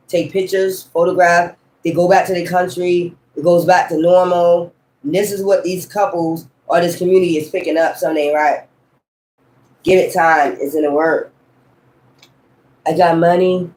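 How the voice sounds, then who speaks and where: A man's voice: sits high, a little mellow. Profane, rambling man in an echoey room. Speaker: tarot reader. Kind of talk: casual tarot reading monologue.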